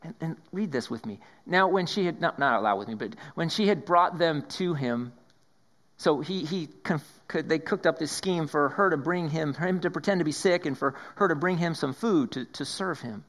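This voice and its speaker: A man preaching a sermon, swinging between raised emphasis and hushed whispers and often repeating his words. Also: a little high, expressive, normal speed. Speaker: pastor.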